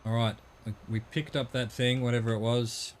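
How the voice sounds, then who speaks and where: A man's voice: mid-range voice, little pitch movement, moderate pace. Rambling middle-aged Australian man. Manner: rambling, chatty, corrects himself mid-sentence. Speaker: game streamer. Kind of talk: casual chat while gaming.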